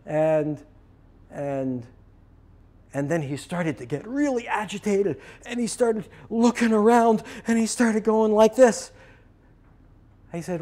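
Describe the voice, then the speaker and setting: A man with a fairly high voice teaches a class through a story. He is animated and acts out every line of dialogue himself. His delivery stays lively and engaged. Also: measured pace, long pauses. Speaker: process work teacher. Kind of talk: storytelling lecture.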